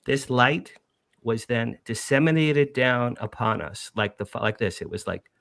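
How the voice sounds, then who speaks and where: Middle-aged guest from New Jersey; gravelly, dry-sounding, emphatic storyteller who repeats for effect. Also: male voice, mid-range voice, moderate pace, no room sound. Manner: animated, repetitive, emphatic. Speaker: podcast guest. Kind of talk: emotional first-person storytelling.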